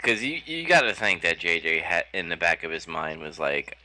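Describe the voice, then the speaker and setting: A man hosting a live-streamed podcast, casual and excitable, laughing easily as he reads out his chat. His voice is very low. It still has a bright, forceful edge. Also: moderate pace, hardly any pauses.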